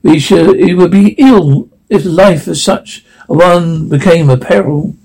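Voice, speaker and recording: A man voicing an ancient, mysterious monastery master, reading in a solemn, measured way. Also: on the high side, dark tone, slightly rough, low-quality recording.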